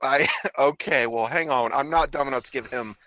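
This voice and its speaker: A man's voice: mid-range voice, moderate pace. A man co-hosting a livestream, chatting casually, laughing and swearing often over an online call. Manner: laughing, swearing, lively storytelling. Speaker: co-host. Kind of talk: joking livestream banter.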